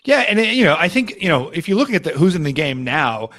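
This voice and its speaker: A man's voice: on the high side, big pitch swings, a little fast, fairly bright tone. A man co-hosting a live aftershow, thinking aloud with many fillers and restarts. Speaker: co-host.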